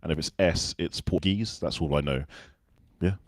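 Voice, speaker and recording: A man's voice: very deep voice, normal speed, no room sound. A man from the UK with a well-spoken, non-regional Southern English accent, a podcast guest chatting casually and acting out the people in his stories. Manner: relaxed storyteller who acts out other people's lines. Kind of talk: casual interview chat.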